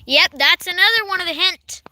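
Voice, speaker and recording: A woman's voice: extremely high pitch, a little fast, sharp tone, a little hiss or hum. A woman with a Kentucky accent hosting a casual livestream outdoors on a horse farm, reading viewer comments aloud and giggling as she chats. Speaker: livestream host reading chat. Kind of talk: casual live-stream chat.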